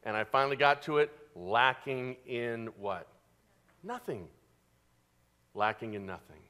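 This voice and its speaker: A male pastor preaching a sermon, animated, asking the congregation questions and answering them himself. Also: mid-range voice, unhurried.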